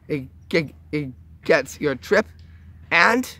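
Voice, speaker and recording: A man walks viewers through simple magic tricks at an unhurried pace. His voice sits a little high, and he stumbles and restarts often before reaching each upbeat reveal. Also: expressive, bright, forceful tone. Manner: chatty, halting, with fillers and restarts, upbeat reveals. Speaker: magic tutorial host. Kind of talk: casual how-to demonstration.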